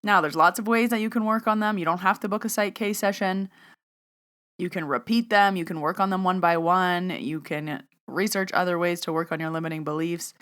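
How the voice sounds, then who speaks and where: A woman with a slightly low voice hosts a solo podcast. She talks in a chatty, direct way, like a coach nudging her listeners along, and jokes about herself as she goes. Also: fairly bright tone. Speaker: podcast host and mindset coach. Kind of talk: casual solo podcast talk.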